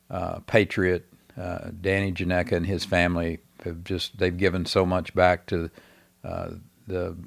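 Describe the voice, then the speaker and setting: A very deep-voiced man with a Texan drawl spins long stories as a podcast guest. He wanders through his tale, stopping often for fillers and restarts. The sound is dry and close. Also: vocal fry, a bit bright, no room sound. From Texas. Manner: rambling, hesitant with many fillers. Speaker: guest, former governor. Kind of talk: casual storytelling interview.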